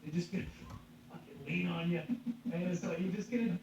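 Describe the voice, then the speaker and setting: Profane storytelling comedian in an echoey room. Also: male voice, high voice, steady tone, normal speed, vocal fry, a little mellow. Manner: profane, laughing, acts out quoted voices. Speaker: stand-up comedian. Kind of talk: casual podcast storytelling. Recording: echoey, distant, dull with faint hum.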